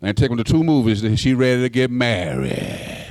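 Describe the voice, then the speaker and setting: A pastor in his sixties preaching a folksy sermon straight to his congregation. His voice swoops up high when he presses a point, and he stammers over repeated words as he builds. The sound is dry and close, with a mid-pitched tone. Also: very animated, normal speed, darkish tone, no echo. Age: 60s.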